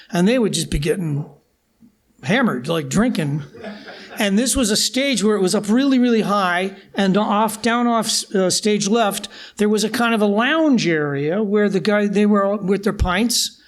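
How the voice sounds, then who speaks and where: An older man spinning road stories on stage before a live crowd at a bar. He talks in an animated way, laughing often as the anecdotes unfold. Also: high-pitched, moderate pace. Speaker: musician guest.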